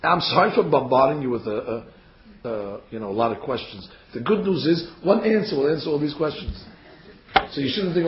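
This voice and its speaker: A man teaching a Torah class, reading verses aloud and acting out the figures' words in a lively way. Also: a little high, fairly quick. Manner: animated, acts out the figures' words. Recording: dull, echoey room.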